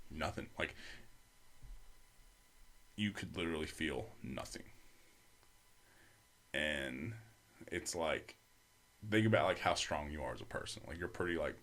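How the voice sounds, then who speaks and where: A young man with a very low voice tells a long story as a podcast guest. He talks loosely and profanely, with many fillers. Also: expressive, unhurried, pauses often, fairly bright tone. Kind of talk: casual storytelling.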